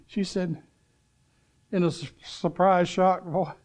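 A man preaching a sermon, swinging between loud urgent calls and hushed storytelling, asking the congregation if they are listening. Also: high voice, fairly even intonation, slow.

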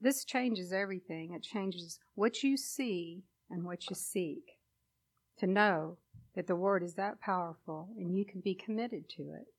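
A woman's voice: lowish voice, a little slow. A woman preaching a sermon and sharing a personal testimony, with an emotional, emphatic delivery.

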